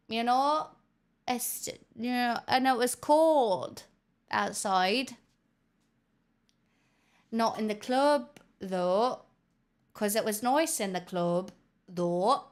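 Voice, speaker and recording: A woman's voice: fairly high pitch, extremely slow, long pauses, clean tone. A woman streamer chatting casually with her viewers, swearing freely and hopping between put-on regional accents. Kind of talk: casual livestream chat.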